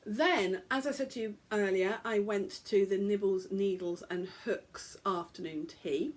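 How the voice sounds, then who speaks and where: A woman's voice: mid-range voice, unhurried. A woman hosting a podcast, chatting casually and joking at her own expense as she stumbles over foreign words. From England. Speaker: podcast host.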